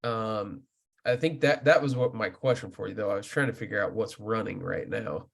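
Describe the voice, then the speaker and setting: A man hosting a podcast, telling a fishing story in a loose, animated way with plenty of filler words. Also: on the low side, normal speed, vocal fry. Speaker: podcast host. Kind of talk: casual podcast chat.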